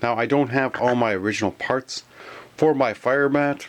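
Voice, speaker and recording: A man from Canada chatting casually in a toy collector vlog, rambling and grumbling, sometimes whispering names in a drawn-out way. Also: mid-range voice, slight background noise. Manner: rambling and complaining, with stretched-out whispered echoes of names. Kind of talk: casual toy review chat.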